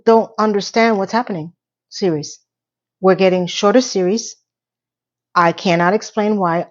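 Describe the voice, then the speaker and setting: A woman's voice: mid-range voice, a little mellow. A woman in a casual TV recap vlog, rambling in a sarcastic, playfully exasperated way. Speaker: TV recap YouTuber. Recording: slightly dull lo-fi audio.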